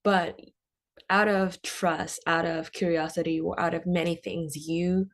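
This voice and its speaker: A woman interviewer who restates her guest's story back to her and affirms it with soft murmurs. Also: fairly low pitch, level tone, a little slow. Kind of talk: casual interview chat.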